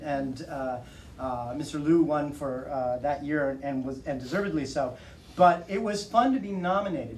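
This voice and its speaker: A slightly high-voiced author entertains a bookstore audience with casual stories, frequently laughing and performing other people's lines. Captured from far away in the event room, the audio is roomy with a light hiss.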